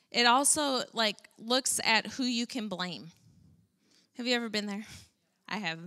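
A woman delivers a sermon in a relaxed, talky way, her voice bright and ringing. She sits a little high in pitch and keeps the message lively. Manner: conversational, animated preaching with fillers. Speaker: preacher. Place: church.

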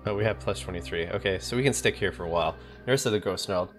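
A man's voice: sits low, very fast, soft background music. A man streaming a game, reading its story aloud with casual asides.

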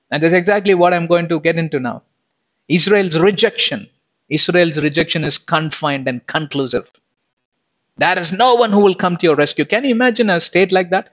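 A man preaching a Bible lesson in an emphatic way, full of rhetorical questions and repetitions. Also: sits high. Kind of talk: sermon. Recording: dull lo-fi recording.

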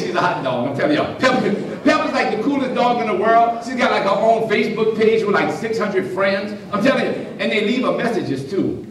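A priest telling funny stories in a sermon, animated and jokey, acting out the voices of the people in them. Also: male voice, high voice. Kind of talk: comic storytelling sermon. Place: large church hall before an audience. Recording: far-off echoey hall with crowd laughter.

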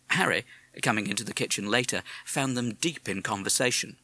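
A man narrating a children's storybook in a measured, expressive way. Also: lowish voice, no echo. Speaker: audiobook narrator.

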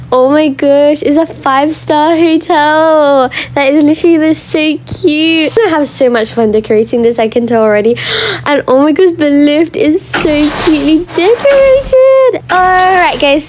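Gushing high-voiced woman gamer. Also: normal speed, darkish tone. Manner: gushing, gasps and squeals often. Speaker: game channel host. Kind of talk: excited gameplay commentary.

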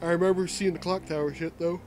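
A man's voice: high voice, fairly even intonation, quick pace, darkish tone, slight background noise. A man giving sardonic, profane commentary while playing a video game. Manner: sardonic, profane, mumbling asides. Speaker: gameplay streamer. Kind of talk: casual gameplay commentary.

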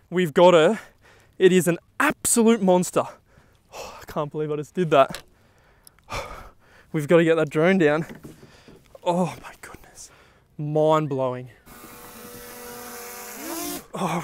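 A young man talking outdoors on the water while fishing, exclaiming excitedly to the camera. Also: a little high, clean tone, no echo. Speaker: fishing vlogger.

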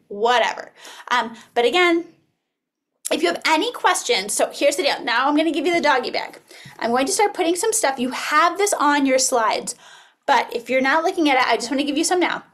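A woman in her thirties presenting an early childhood webinar, acting out classroom dialogue as she teaches. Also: high-pitched. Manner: animated, acts out classroom dialogue.

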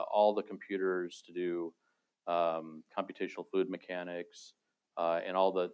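A middle-aged man, a retired space robotics engineer, telling stories in a relaxed panel talk with self-amused asides. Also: deep voice, muffled recording.

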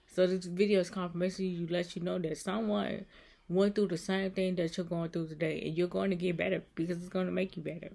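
A woman vlogger with a gravelly, fry-laden voice talks to her viewers in a heartfelt, comforting way. She repeats herself often and keeps her delivery emotional and soothing throughout. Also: on the low side, a little mellow. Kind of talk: heartfelt encouraging vlog talk.

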